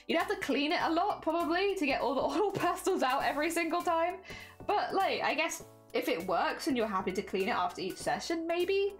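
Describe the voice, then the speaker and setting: A woman's voice: high-pitched, animated, brisk, soft background music. A young British woman streaming while she crafts, chatting casually and self-deprecatingly with her viewers, often sighing "oh dear".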